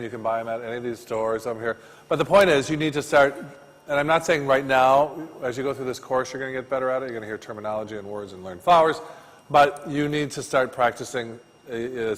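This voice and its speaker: Animated man teaching in a reverberant classroom. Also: medium pitch. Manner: animated storyteller, loud bursts then quiet asides. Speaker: floral design instructor.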